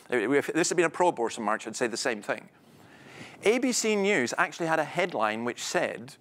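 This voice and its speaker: A man's voice: fairly high pitch, a bit bright. A middle-aged man giving a public talk, chatty and wry, telling anecdotes. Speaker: speaker. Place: event venue.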